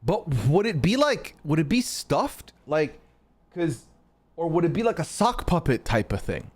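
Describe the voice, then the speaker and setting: A man's voice: fairly high pitch, sing-song, measured pace. A young man from Canada, hosting a live stream in casual chat, answering his chat and teasing trolls with some swearing. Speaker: streamer host.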